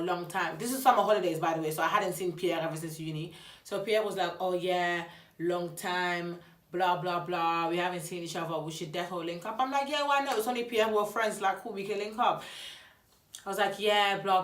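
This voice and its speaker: Young woman, casual storytime delivery with quoted back-and-forth, lowish voice, echoey room. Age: young adult. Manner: chatty, animated retelling with quoted dialogue.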